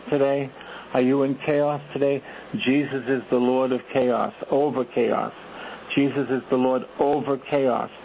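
Male priest preaching a sermon, repetitive exhortations, rhetorical questions, tinny radio sound with faint hiss. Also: mid-range voice.

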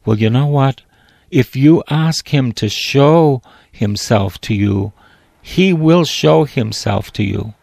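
A man's voice: mid-range voice, animated, takes it slowly, creaky, darkish tone, dry recording. A priest preaching a sermon, reading scripture aloud and breaking off to explain it, lifting his voice when he quotes God or a prophet.

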